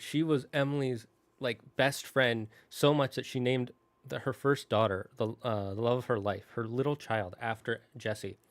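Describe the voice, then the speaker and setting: A man's voice: medium pitch, a bit bright, dry recording. A young adult man hosting a gaming channel, casually recapping a story in a rambling, self-correcting way with plenty of restarts and fillers. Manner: emotional, tearing up.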